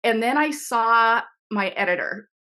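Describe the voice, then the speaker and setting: Animated middle-aged woman telling a story. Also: fairly high pitch, unhurried. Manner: animated, laughing often, many restarts and fillers. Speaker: author guest. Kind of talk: casual interview storytelling. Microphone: video call.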